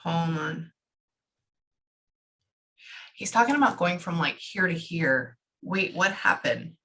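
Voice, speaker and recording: A woman working as a psychic medium, talking fast and casually through a live reading and swearing freely. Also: on the low side, animated, a bit bright. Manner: rapid, chatty, swears casually.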